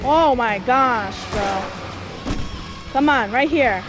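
A woman giving frustrated live commentary while playing a video game, shouting orders and complaints at the character. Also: fairly high pitch, takes it slowly. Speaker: gameplay streamer. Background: game music.

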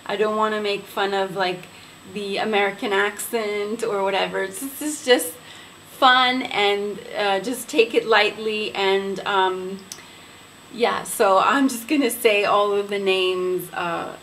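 A young woman from Quebec talks to her viewers in a relaxed vlog. She speaks at a slow, unhurried pace with a medium pitch. She pronounces each name with care and elegance, and a faint background hiss sits under her voice. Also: poor audio. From Quebec, Canada. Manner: unhurried, careful, elegant pronunciation. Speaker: beauty vlogger. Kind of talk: casual vlog talk to camera.

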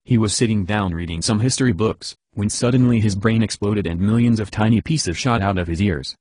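A man reading a silly bedtime story in an even, deadpan way. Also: on the low side, fairly quick, no echo.

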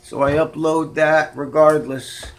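Using his phone camera at home, a man talks to his cats in a fond, cooing, casual manner. His voice is a little high, slow, and fairly even, with slight background noise.

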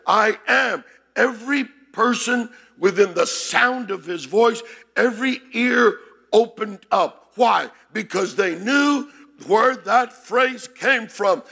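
High, gravelly preaching pastor, man. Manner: shouts and repeats phrases, calls to congregation. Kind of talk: sermon. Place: church sanctuary.

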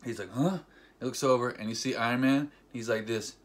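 A man vlogging a casual, excited movie recap, rambling with fillers and acting scenes out with sound effects like "boom" and "ding.". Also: fast. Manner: animated storyteller with sound effects; loose, rambling, filler-heavy delivery.

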